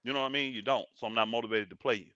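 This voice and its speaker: A middle-aged man co-hosting a casual sports chat, telling animated stories and acting out what others said. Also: medium pitch, very fast, no echo. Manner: animated storyteller, acts out others' lines. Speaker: co-host. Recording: dull lo-fi sound.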